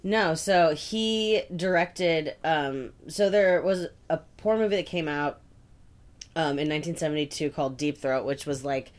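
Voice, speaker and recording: A woman's voice: low voice, a little slow. A young woman co-hosting a podcast, telling stories casually with many fillers. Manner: relaxed, filler-heavy storytelling, lots of "like" and "um". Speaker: podcast co-host. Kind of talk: casual chat.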